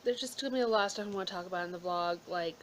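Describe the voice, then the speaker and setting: A woman's voice: lowish voice, very fast, a little hiss or hum, low-quality recording. Rambling emotional woman vlogger. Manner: emotional, rambling, drifting into whispers. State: holding back tears. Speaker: YouTuber. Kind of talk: casual vlog update.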